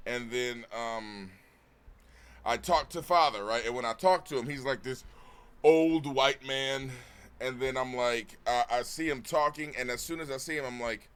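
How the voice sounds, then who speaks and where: Bright, animated, swearing male streamer. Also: medium pitch, clean tone. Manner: animated, swearing, bursts into shouting. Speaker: Twitch streamer and comedian. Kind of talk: profane storytelling while gaming.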